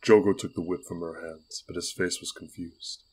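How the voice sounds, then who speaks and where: A man reading an audiobook aloud with steady, unhurried storytelling. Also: deep voice, husky, rough recording. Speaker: audiobook reader. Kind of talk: audiobook narration.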